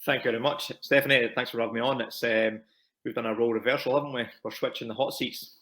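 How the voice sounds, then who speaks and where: A Scottish man in his thirties, appearing as a property investor guest in an interview, tells his story casually and quickly, rambling and repeating words. His mid-range voice has a steady, fairly bright tone.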